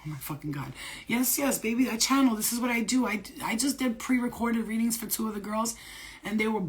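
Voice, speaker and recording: A woman's voice: fairly high pitch, a little fast. Blunt, swearing woman psychic. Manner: blunt and emphatic, swears freely, repeats phrases for stress; streetwise slang. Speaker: psychic medium giving spirit readings. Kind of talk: casual unscripted channeling talk to viewers.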